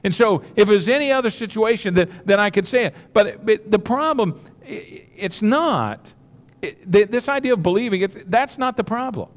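A man's voice: sits high, lively intonation, moderate pace, in a large hall. A man preaching a sermon, earnest and repetitive, with many restarts and direct asides to the congregation. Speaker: pastor.

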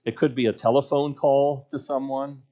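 A man's voice: medium pitch, level tone, normal speed, warm tone. An earnest male pastor delivers a sermon in a middle-range voice, weaving a personal story into his message. He builds each point through rhythmic repetition. The recording sounds muffled and lo-fi.

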